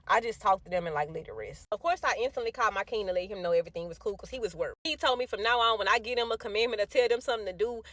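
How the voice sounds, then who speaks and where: A woman's voice: medium pitch, very fast, few pauses, fairly bright tone, no room sound. A woman in her thirties, a mother, telling a personal story in a casual storytime vlog with lots of slang.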